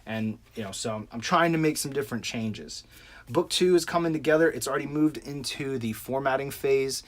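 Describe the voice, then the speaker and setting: A man's voice: mid-range voice, a little fast. A man who writes novels, giving a casual, rambling update to his viewers, full of fillers and restarts. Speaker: self-published novelist. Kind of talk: casual update vlog to camera. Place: home room with adjusted lighting.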